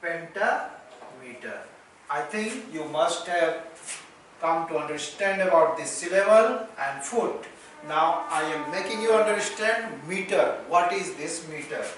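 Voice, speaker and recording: A man's voice: a little high, lively intonation, measured pace, fairly bright tone, far from the mic, slight background noise. A man with an Indian English accent teaching a lesson, patiently repeating points and counting things off one by one. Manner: repetitive, counting and spelling out stresses. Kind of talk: slow classroom lecture. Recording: echoey room, voice from afar.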